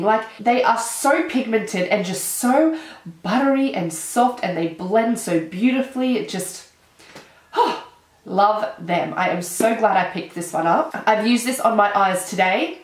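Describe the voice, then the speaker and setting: Young Australian woman, stuffy-nosed from a cold, chatty and excitable; mid-height voice in an echoey room. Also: medium pitch, moderate pace. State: nasal from a cold. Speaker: beauty vlogger. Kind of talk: casual chat.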